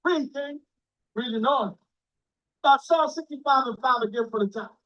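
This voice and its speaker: A man's voice: very high voice, moderate pace, pushed and bright. A man teaching scripture in an informal, blunt and profane way, very emphatic. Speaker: religious teacher. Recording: dull lo-fi sound.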